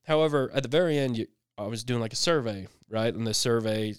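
A man's voice: mid-range voice, fast, smooth, no echo, clean studio sound. A man co-hosting a podcast, telling a casual story and acting out the voices in it with lots of laughter. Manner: animated, acts out voices, laughs often. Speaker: podcast co-host.

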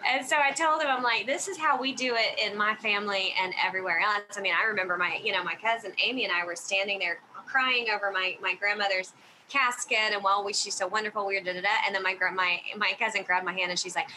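A woman co-hosts a casual faith podcast and tells stories at a quick clip, acting out what people said. Her voice is bright, with a faint hiss behind it. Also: mid-range voice, fairly even intonation, rough recording. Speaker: podcast co-host.

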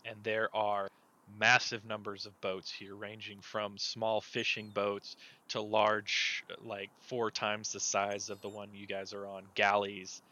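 A man narrating a tabletop game as game master, in a relaxed, rambling way. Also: fairly low pitch, slow pace, highs cut off.

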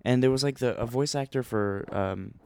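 A young man telling a rambling, excitable story in a casual vlog, with many fillers and restarts. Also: mid-range voice, normal speed, creaky, smooth, no room sound.

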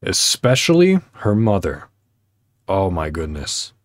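A man's voice: sits low, big pitch swings, slow pace, dry recording. A man hosting a casual solo podcast, talking in a rambling, heartfelt way with many fillers and restarts. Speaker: podcast host.

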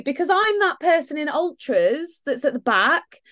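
A woman co-hosting a podcast in casual chat, animated and laughing often, mimicking others. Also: high-pitched, moderate pace. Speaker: podcast co-host.

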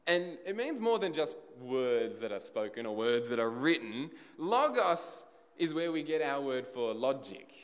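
Lively, conversational male preacher in a reverberant hall. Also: medium pitch, unhurried, hardly any pauses. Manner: conversational, full of rhetorical questions to the congregation. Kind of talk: sermon.

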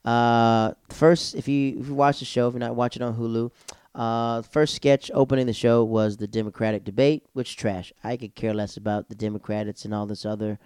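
A young man comedian telling a rambling, animated story and reviewing a show in a casual chat. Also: medium pitch, normal speed, clear, resonant tone, dry recording, clean studio sound. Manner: rambling, animated, acts out quotes. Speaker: comedian vlogger.

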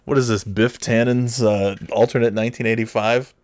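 Steady in tone and moderately paced, this podcast host drifts through a self-deprecating anecdote in casual talk. He voices the quoted parts in loud, high-pitched yells.

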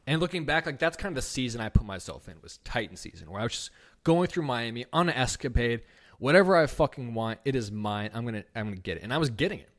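A young man on his own podcast, recounting a personal story unscripted and heavy with swearing. He talks loosely, leaning on "like" and acting out both sides of the conversation, at a middle pitch. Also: fast. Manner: casual, profane, heavy use of "like"; animated retelling with quoted dialogue. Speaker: podcast host.

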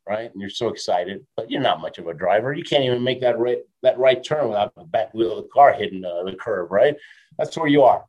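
A man in his fifties, a motivational speaker telling stories as an interview guest, lively, laughing often and ending lines with a quick "right?". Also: medium pitch, highs cut off. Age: 50s. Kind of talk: storytelling in a casual interview.

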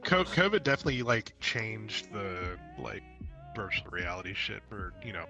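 A man's voice: on the low side, moderate pace, bright, forceful tone, muffled recording, soft background music. A man in a casual podcast chat, blunt and opinionated, swearing heavily. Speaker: podcast guest.

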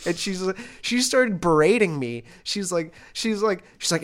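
A man's voice: high-pitched, sing-song, measured pace, hardly any pauses. A young man co-hosting a podcast, telling a rambling, profane story in casual chat and breaking into laughter. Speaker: podcast co-host. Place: Los Angeles.

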